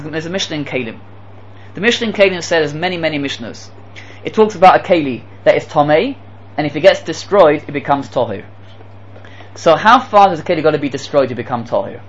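A man's voice: on the high side, a bit bright, rough recording. A man teaching a Torah lecture to his students, emphatic, repeating key phrases and asking the class rhetorical questions. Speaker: yeshiva teacher.

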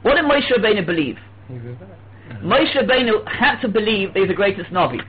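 A man teaching a religious lesson, telling stories lively and acting out quoted dialogue. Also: sits high, a little fast. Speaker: Torah teacher. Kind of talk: religious lecture. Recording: tinny phone-like with faint hum.

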